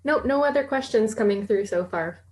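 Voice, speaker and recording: A woman's voice: on the high side, animated, normal speed, a little mellow. A woman assisting a live stream, briefly reporting on viewer comments.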